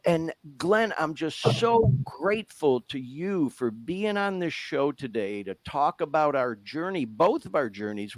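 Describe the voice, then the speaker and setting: A man's voice: fairly high pitch, no room sound. A man hosting a podcast, talking casually and candidly, swearing freely and getting emotional about his own fitness. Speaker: podcast host.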